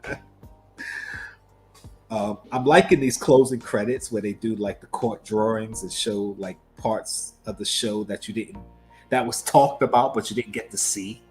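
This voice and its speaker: A man co-hosting a livestream, talking casually about pop culture in an animated, emphatic way full of rhetorical questions. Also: lowish voice, unhurried, faint music behind. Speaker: livestream co-host.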